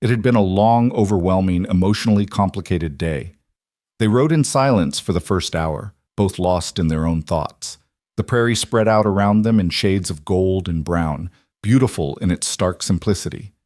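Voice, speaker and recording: Low-voiced man narrating a calm story. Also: normal speed, dry recording, studio quality. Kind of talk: scripted narration.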